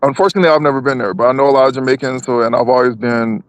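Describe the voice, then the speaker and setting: A man's voice: mid-range voice, steady tone, very fast, no room sound. A man co-hosting a live stream, talking politics casually, with many restarts and repeated words.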